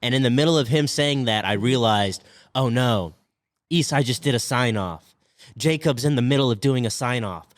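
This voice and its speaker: A man co-hosting a casual comedy podcast, telling a story with animated, excitable delivery and sudden jumps in pitch. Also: moderate pace. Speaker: podcast co-host. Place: outdoors at a park.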